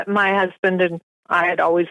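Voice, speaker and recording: A woman guest on an interview show telling personal stories in an animated way, laughing often. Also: lowish voice, measured pace, dry recording, low-quality recording. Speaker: guest author. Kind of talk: storytelling in a podcast interview.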